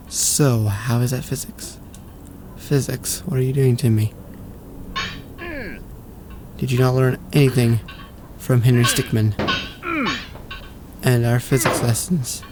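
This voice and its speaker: A gaming YouTuber doing let's play commentary, exasperated and talking back at the game, lurching between yelling and muttering. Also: mid-range voice, steady tone, takes it slowly, long pauses, noisy background. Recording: voice with game music playing. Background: game music.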